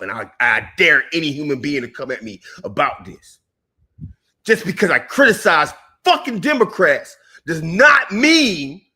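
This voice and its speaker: A man co-hosting a political talk show, in an angry, profane rant that breaks into shouting. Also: fairly high pitch. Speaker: co-host.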